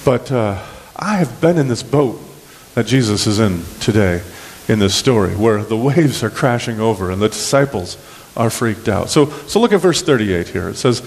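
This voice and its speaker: A man preaching a sermon in a relaxed, folksy, storytelling manner, with plenty of ums and restarts. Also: fairly low pitch, in a large hall. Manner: folksy, conversational, many fillers and restarts. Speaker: pastor. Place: church sanctuary.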